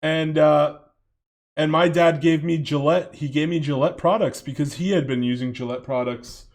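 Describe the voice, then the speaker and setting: A man's voice: a little high, fairly even intonation, moderate pace. A man in his late twenties ranting in a reaction commentary, swearing a lot, rambling and laughing often.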